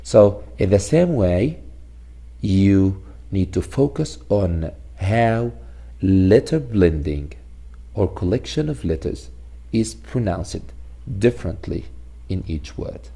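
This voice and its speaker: A male teacher giving a recorded phonics lesson, explaining slowly and repeating sounds and example words. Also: sits low, animated, gravelly, mellow, slightly rough.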